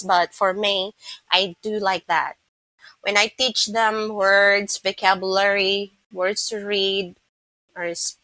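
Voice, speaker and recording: A Filipino woman teaching English pronunciation, who speaks slowly and repeats words so listeners can copy them. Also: mid-range voice, sharp tone, dry recording, low-quality recording. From Philippines. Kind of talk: pronunciation lesson.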